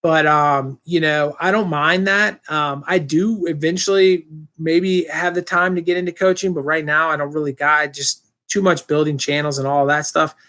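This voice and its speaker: A man's voice: a little high, normal speed. A man with a slightly raised voice talking on his own live stream. He reads comments aloud and chats back loosely, with plenty of ums and false starts. His speech is easygoing and unscripted. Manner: rambling, relaxed, with many fillers and restarts. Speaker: channel host answering live chat. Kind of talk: casual live-stream chat.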